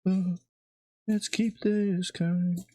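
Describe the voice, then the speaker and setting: The delivery is flat and very slow, with a medium pitch and dark tone, in a dry, studio-quality recording. A live streamer rambles and chats while cooking in their home kitchen, eyes watering from an onion, self-mockingly poking fun at themself.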